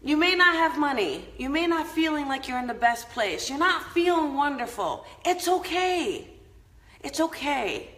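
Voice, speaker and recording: A woman's voice: high voice, sing-song, a little slow, a bit bright. Chatty upbeat woman in an echoey room. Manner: upbeat, chatty, laughs often. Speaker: host of a live inspirational show. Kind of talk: casual live-stream chat.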